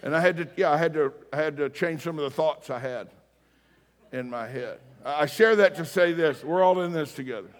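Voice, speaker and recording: A man's voice: a little high, a little fast. A man preaching a sermon as pastor, telling stories in a casual, self-deprecating way. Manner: conversational, storytelling, self-deprecating. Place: church sanctuary. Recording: long reverb of a hall.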